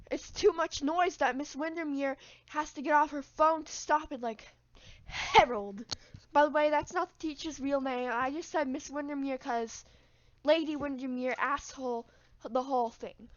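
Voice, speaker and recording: A woman's voice: high voice, fairly even intonation, moderate pace, no room sound, highs cut off. A woman telling a story in a rambling, casual way, with crude jokes. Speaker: vlogger. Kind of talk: storytime vlog.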